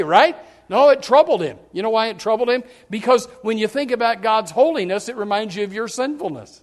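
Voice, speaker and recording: A man's voice: extremely high pitch, expressive, brisk. A man preaching a sermon in a folksy way, with many restarts, acting out what people say. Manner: folksy, repetitive restarts, acts out quotes. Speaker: pastor.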